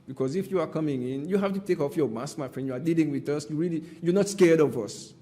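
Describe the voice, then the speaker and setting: A man's voice: fairly high pitch, fast, warm tone. A man giving emphatic, impassioned testimony at an inquiry and repeatedly addressing the panel as "my friend". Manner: emphatic and repetitive, often says "my friend".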